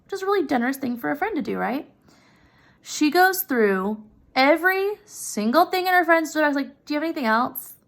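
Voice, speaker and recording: A woman's voice: high-pitched, big pitch swings, normal speed, gravelly, fairly bright tone. A woman casually retelling a classic story, chatty and openly opinionated about the characters.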